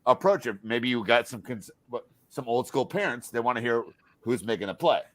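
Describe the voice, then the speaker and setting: A man's voice: mid-range voice, fairly quick, no echo. A man hosting a casual chat, enthusiastic and joking.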